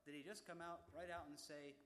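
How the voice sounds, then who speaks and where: A man's voice: fairly high pitch, fairly even intonation, brisk, a bit bright. An older man giving a conversational Bible lesson to young students, often asking the class rhetorical questions. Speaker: Bible teacher. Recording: echoey hall.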